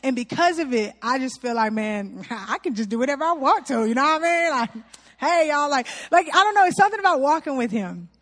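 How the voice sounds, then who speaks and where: A woman from Louisiana telling a funny story to an audience, animated, laughing often and calling her listeners y'all. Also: high-pitched, fairly quick.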